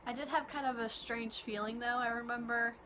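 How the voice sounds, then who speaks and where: A woman's voice: on the high side, fairly even intonation, fairly quick, bright, forceful tone, a little hiss or hum. A young woman from Kentucky telling a personal story in a casual, chatty storytime vlog with frequent giggles. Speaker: vlogger.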